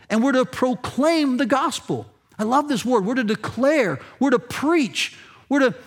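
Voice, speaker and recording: High-voiced man preaching emphatically. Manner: emphatic preaching, rising on key points, slowing to stress phrases. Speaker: pastor. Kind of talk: sermon.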